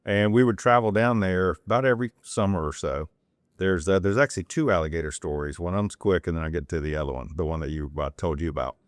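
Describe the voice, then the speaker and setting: Low-voiced man telling rambling stories. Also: fast talker, no echo, clean studio sound. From North Carolina. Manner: rambling, digressive anecdotes with restarts; acts out quoted people in a raised voice. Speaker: podcast guest. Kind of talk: casual storytelling.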